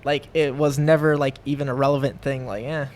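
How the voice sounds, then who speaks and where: The podcast guest is a young professional MMA fighter whose rambling, casual speech keeps restarting and leans on fillers. He speaks a little fast in a medium-pitched, level, slightly mellow voice.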